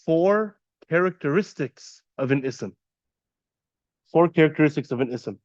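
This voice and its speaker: A man teaching a classroom lesson, patiently quizzing students and repeating terms slowly. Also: fairly high pitch, no room sound, dull audio. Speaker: Arabic teacher. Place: classroom at an Islamic center.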